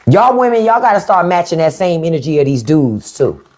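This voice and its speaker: She's very animated, with a fairly low, slightly mellow voice and a fairly quick pace, and there's slight background noise. As a podcast host live streaming on a phone or webcam, she delivers unfiltered, profanity-laden commentary bluntly to viewers.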